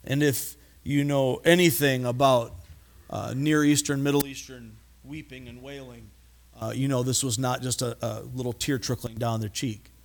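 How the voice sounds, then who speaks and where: A man preaching a sermon, animated and acting out voices, often stumbling and repeating words. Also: mid-range voice, normal speed. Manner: animated, acts out voices in quotes. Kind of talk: expository sermon.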